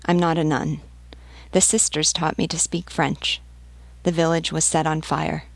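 A timid, bewildered peasant mother, as a woman reads her lines who stammers out short answers. Her voice is low and slightly gravelly, heard close and dry. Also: flat delivery, no echo, full character voice. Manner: halting, stammering.

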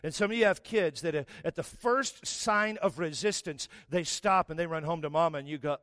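High-pitched middle-aged pastor, storytelling sermon, self-mocking then emphatic, dry close sound. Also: male voice, normal speed, few pauses, a bit bright, no echo. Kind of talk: sermon with personal stories.

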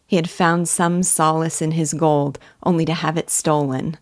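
Low, dry-voiced woman narrator for a measured literature lesson. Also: level tone, no echo. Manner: earnest, admiring, measured reading. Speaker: literature guide. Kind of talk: scripted literary commentary.

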